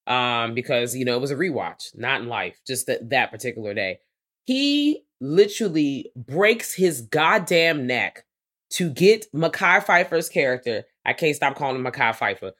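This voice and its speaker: A woman's voice: a bass voice, sing-song, normal speed, a bit bright. A woman co-hosting a movie podcast, talking bluntly and profanely in casual chat. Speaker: podcast co-host.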